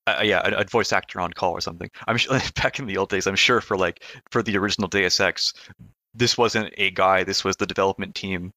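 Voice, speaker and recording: Low bright-voiced man chatting casually. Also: a little fast, no echo. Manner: relaxed, hesitant, laughs often. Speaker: game developer guest. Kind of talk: casual podcast chat.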